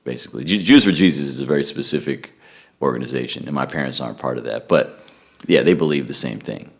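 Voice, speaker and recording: A man being interviewed, talking in a relaxed, rambling way and often restarting with repeated words. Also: a bass voice, fast talker, gravelly. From United States. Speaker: guest musician. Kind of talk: casual interview chat.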